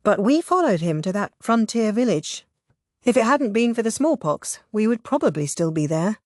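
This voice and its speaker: A woman voicing a thoughtful young village woman who explains things gently. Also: mid-range voice, big pitch swings, normal speed, dry recording, studio quality, voice pushed up, lightly acted.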